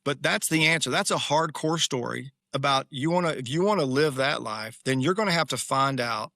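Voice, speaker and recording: A middle-aged man with a gravelly, forceful voice tells a candid personal story on a podcast. He speaks emphatically and restarts his sentences often. The sound is dry and close, with no room echo. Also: medium pitch, normal speed. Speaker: guest author.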